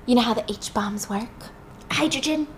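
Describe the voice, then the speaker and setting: A woman's voice: a little high, a little slow, slight background noise, close to an everyday voice. A woman voicing an urgent, rambling male asylum patient in a story recap. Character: manic male asylum patient strangling someone.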